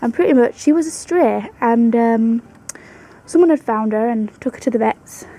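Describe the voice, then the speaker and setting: A woman's voice: a little high, normal speed, dark tone, poor audio. A young woman vlogging at home about her pet rabbit in a chatty, fond way, now and then cooing to the animal. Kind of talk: casual storytelling to camera.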